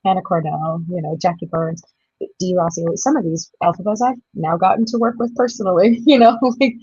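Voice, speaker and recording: Brief: low, husky-voiced actress in her 30s, bubbly raconteur, dry lo-fi sound. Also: brisk, no echo. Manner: bubbly, laughs often, lively storytelling. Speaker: touring musical theatre actress, guest. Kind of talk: casual interview chat.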